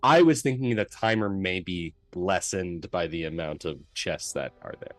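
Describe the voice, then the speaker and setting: A man playing a tabletop game and talking in a measured way with the others. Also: low-pitched. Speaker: player. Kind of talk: casual tabletop play.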